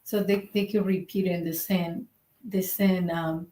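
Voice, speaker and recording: A woman's voice: fairly low pitch, fairly even intonation, a little slow, mellow, roomy sound. A woman from the who speaks English. She hesitates and searches for words in a casual chat. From Dominican Republic. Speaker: vlog co-host.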